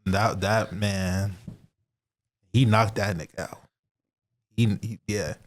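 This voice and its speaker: A man's voice: fairly low pitch, fairly even intonation, slow pace, slight background noise. A young man co-hosting a podcast in casual chat, rambling with lots of fillers and frequent laughs. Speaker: podcast co-host.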